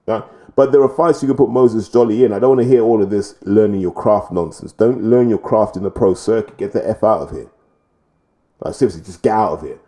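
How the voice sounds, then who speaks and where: A man's voice: fairly low pitch, warm tone. A man giving blunt, opinionated boxing commentary in a rambling vlog style.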